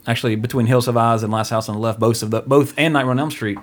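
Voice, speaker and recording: A man hosts a podcast in loose, casual chat. He rambles along with offhand jokes, his pitch sitting in the middle. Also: steady tone, fast talker. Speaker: podcast host.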